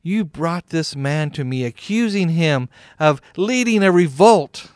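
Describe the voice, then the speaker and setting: A man voicing a cautious male governor in a storybook reading, measured and firm. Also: on the high side, lively intonation, dry recording, clean studio sound, pitched above the performer's own voice.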